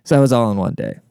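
A man's voice: on the low side, creaky, dark tone, clear, resonant tone, no room sound, studio quality. A man hosting a podcast, talking in a rambling, profane, casual monologue with lots of fillers and asides. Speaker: podcast host. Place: outdoors.

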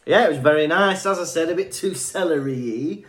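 A man co-hosting a podcast in relaxed, chatty conversation, agreeable and easygoing. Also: fairly high pitch, normal speed. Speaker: podcast co-host. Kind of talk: casual podcast chat.

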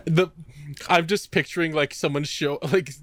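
A man co-hosting a podcast in casual chat, excitable and jumping into voices for jokes. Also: normal speed, no echo. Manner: excitable, swings between high and low voices for jokes. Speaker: podcast co-host.

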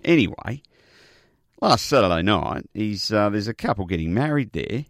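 A man's voice: on the low side, lively intonation, moderate pace, no room sound, studio quality. A man, a co-host, telling news stories in a chatty, joking way. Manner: chatty storyteller, jokey asides. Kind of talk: casual chat.

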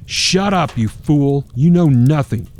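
A man's voice: medium pitch, a little fast, voice pushed up, close to an everyday voice. A man doing a violent drunken father, snarling. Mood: enraged. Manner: snarling, yelling.

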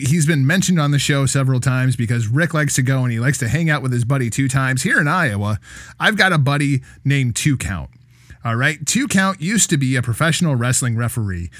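A man hosting a wrestling podcast, telling a profane, animated story in casual chat. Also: medium pitch, dry recording. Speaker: podcast host.

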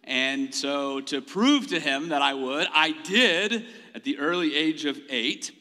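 Man, pastor, folksy sermon, slow unhurried delivery, long hall reverb. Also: fairly high pitch, pushed and bright. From Mississippi. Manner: folksy, conversational preaching with personal stories.

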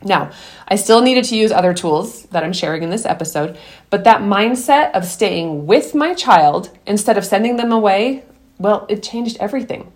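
A woman's voice: medium pitch, expressive, normal speed. A woman hosting a podcast, giving earnest, encouraging parenting advice and telling her own story, often restarting sentences. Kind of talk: earnest advice talk mixed with personal story.

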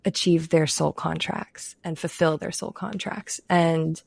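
A woman hosting a podcast, talking in a reflective, unhurried way with frequent "like" fillers. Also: low voice, steady tone, creaky, darkish tone, breathy edge. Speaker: podcast host. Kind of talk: casual podcast conversation.

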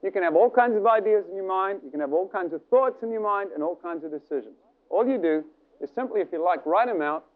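High-voiced preacher on a tinny recording. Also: male voice, fast talker. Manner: animated, dramatic, acts out scenes with the audience. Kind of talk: sermon. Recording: tinny phone-like archive recording.

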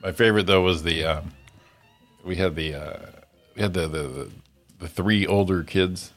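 A man's voice: sits low, moderate pace. A man hosting a podcast, chatting casually and telling crude, rambling anecdotes. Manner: rambling storyteller with crude humor. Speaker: podcast host. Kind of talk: casual chat.

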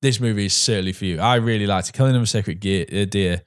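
A man's voice: on the low side, fast, smooth. A man chatting casually as a film reviewer, rambling with many restarts. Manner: rambling, restarts, acts out quoted dialogue.

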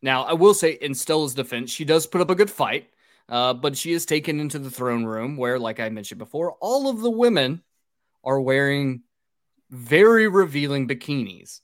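A man's voice: mid-range voice, animated, moderate pace, no room sound, studio quality. Man rambling through a film recap. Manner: loose, rambling plot recap with swearing and fillers. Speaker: podcast host recapping a film. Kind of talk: casual podcast chat.

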